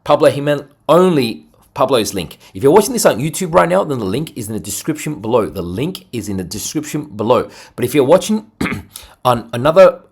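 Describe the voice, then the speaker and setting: A man hosting a crypto trading video, talking casually and energetically over charts with a salesy pitch. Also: brisk, breathy edge. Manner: energetic, salesy, lots of "right?" and "boom".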